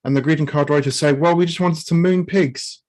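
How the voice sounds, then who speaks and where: A man improv player telling quick jokes with a deliberate setup. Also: on the high side, fairly even intonation, a little mellow, poor audio.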